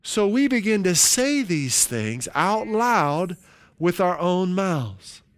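A man preaching a sermon as pastor, leading his congregation through slow, emphatic call-and-response lines. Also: high voice, very animated.

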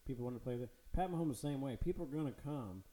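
A man with a mellow, relaxed voice talks football on a podcast, casual and animated, cursing freely and laughing along. The sound bounces around an echoey room. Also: mid-range voice, racing. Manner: animated, swearing, laughing often. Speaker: podcast co-host. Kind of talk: casual sports chat.

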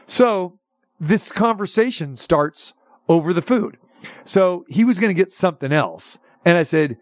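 A male talk show host telling a long story in a chatty, animated way, with lots of restarts. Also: high-pitched, measured pace, no room sound, studio quality. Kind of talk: casual storytelling chat.

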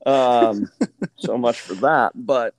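A man from Oklahoma hosting a casual podcast chat, telling stories with lively asides and mimicking the people he quotes. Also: mid-range voice, slow pace, no echo. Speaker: podcast host.

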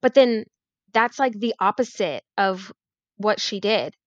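A woman's voice: medium pitch, animated, unhurried, no echo. Wry woman, dull dry recording. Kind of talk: casual chat recapping a dating show.

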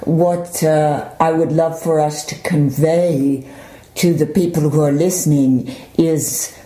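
A woman interviewer gently prompting her guest with unhurried questions. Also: low voice, steady tone. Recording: roomy echo.

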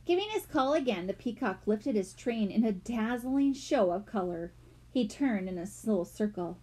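A woman narrating a children's mystery audiobook with expressive storytelling. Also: on the high side, moderate pace.

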